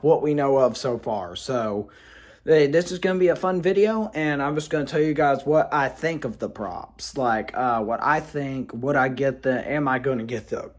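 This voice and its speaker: Rambling young man with hiccups. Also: a little high. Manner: rambling, with many fillers and restarts. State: has the hiccups. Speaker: YouTube host reviewing Halloween props. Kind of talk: casual vlog talk.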